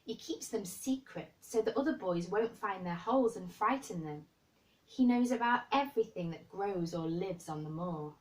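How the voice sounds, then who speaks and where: A woman's voice: medium pitch, animated, moderate pace, a little mellow, distant mic, lightly acted, rough recording. A woman reading aloud, voicing a bold, obstinate young girl. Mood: eager. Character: blunt, stubborn young girl.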